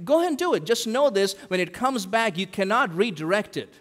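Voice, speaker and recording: A man's voice: high voice, animated, normal speed, hardly any pauses. Preaching man in a reverberant hall. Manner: dramatic, swings between loud emphasis and hushed quotes. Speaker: pastor. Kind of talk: sermon.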